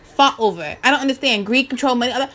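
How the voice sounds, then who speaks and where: A woman in her twenties giving a casual, slangy spiritual rant to her viewers, animated and preachy with many restarts. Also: on the high side, fast talker. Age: 20s. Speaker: spiritual vlogger.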